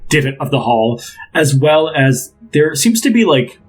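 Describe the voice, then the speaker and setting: A man's voice: fairly high pitch, very animated, a little slow, slightly rough, faint music behind, low-quality recording. A man narrating as game master, describing scenes in a loose, rambling way with many fillers.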